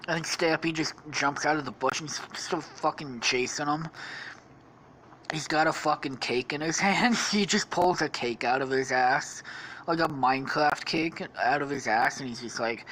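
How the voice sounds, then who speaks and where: A man's voice: on the high side, normal speed, fairly bright tone, slight background noise. A man hosting a podcast, rambling through an improvised comedy story with lots of swearing and laughter. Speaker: podcast host.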